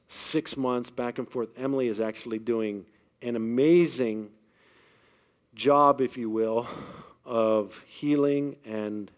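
Storytelling middle-aged preacher man. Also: medium pitch. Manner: storytelling preacher, swinging between hushed and loud. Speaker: pastor. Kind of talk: sermon.

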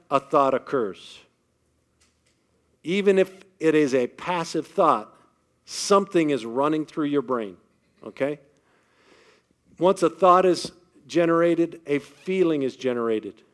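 His voice is smooth and sits fairly high. Speaking to a live audience, this man gives an emphatic, faith-driven motivational talk, regularly throwing questions out to the listeners.

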